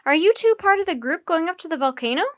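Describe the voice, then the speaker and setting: A woman's voice: high-pitched, big pitch swings, moderate pace, no room sound, studio quality, voice pushed up, exaggerated voice. A woman voicing a cheerful, hearty adult bus driver and tour guide in a storybook reading. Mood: calling. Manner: loud, hearty, calling out to a group.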